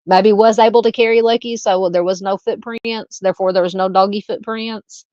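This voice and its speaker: A woman's voice: medium pitch, steady tone, a little mellow, no echo, dull audio. Southern woman hosting a chatty live stream. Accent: Arkansas Southern. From Arkansas. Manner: thinking aloud, halting, reading viewer comments and greeting chatters. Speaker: true crime live stream host. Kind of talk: casual live-stream chat and commentary.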